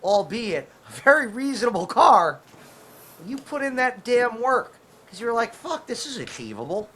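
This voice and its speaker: A man's voice: very high-pitched, big pitch swings, normal speed, pushed and bright, husky. A man co-hosting a podcast, chatting casually and swearing freely as he comments. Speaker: podcast co-host. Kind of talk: casual chat.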